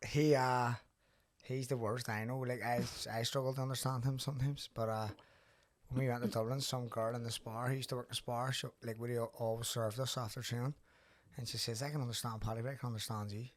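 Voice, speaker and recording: A man's voice: mid-range voice, level tone, fairly quick. A man with a thick Belfast accent hosting a podcast, telling stories in a loose, swearing, laughing way. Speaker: podcast host. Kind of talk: casual chat.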